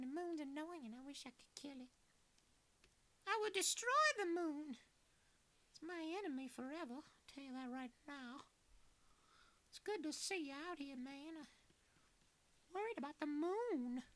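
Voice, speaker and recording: A man's voice: lively intonation, sharp tone, full character voice. A man doing a cranky little old Southern lady puppy. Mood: grumpy, menacing. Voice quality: very high, drawn-out, cranky. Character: puppy with voice of little old woman, grumpy, hates the moon.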